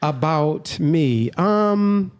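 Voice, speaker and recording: A middle-aged man, a comedian guest on a podcast, telling stories in a joking, animated way. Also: fairly high pitch, very slow, smooth. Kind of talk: casual podcast chat.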